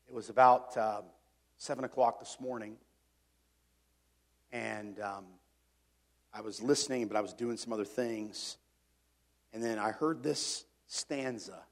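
Earnest man preaching a sermon. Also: on the low side. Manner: earnest preaching, rising to emphatic then dropping quiet and reflective. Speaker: pastor.

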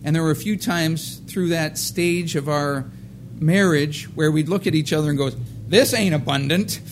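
Chatty middle-aged preacher, slightly high voice. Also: male voice, steady tone, moderate pace, a little hiss or hum. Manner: rambling, many fillers, laughs at own jokes. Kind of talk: casual sermon with anecdotes.

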